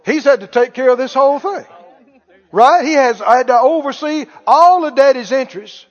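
A preacher giving a sermon, telling a story in a folksy way with lots of repetition. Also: male voice, very high voice, expressive, moderate pace. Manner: folksy storytelling, acts out dialogue, repeats phrases. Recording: echoey hall, dull lo-fi sound.

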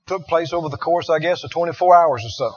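A male preacher with a high, husky voice delivers a sermon dramatically. He fires questions at the congregation and repeats his points for emphasis. The recording is dull and lo-fi. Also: fast, a little mellow.

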